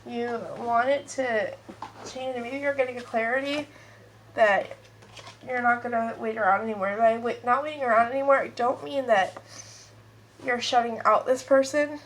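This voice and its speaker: Woman tarot reader, slightly high voice, stuffy nose, rambling and chatty with viewers. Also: fairly even intonation, moderate pace, a little hiss or hum, low-quality recording. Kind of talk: casual pick-a-card tarot reading. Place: at home with kids and a puppy nearby.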